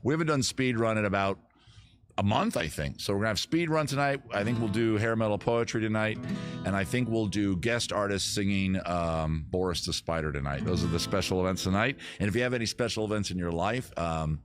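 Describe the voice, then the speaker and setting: A lower-pitched man chats loosely through his music stream, wandering from topic to topic with a self-mocking edge. Faint guitar sounds drift behind him. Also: a little fast. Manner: rambling, easily sidetracked, self-deprecating. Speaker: livestream music host. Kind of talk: casual chat reading viewer comments.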